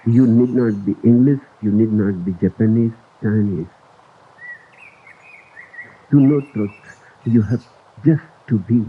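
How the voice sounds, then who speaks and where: A man giving a spiritual discourse in a slow, deliberate and emphatic way, on an old recording. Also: lowish voice, slight background noise. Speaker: spiritual teacher. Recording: tinny lo-fi archive recording.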